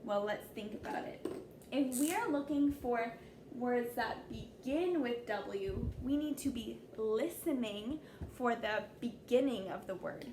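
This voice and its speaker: A young woman teaching young children a phonics lesson, sounding out letters slowly and praising them often. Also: fairly high pitch, lively intonation, noisy background. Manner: slow, exaggerated sounding-out of letters; encouraging, praising. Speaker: kindergarten teacher.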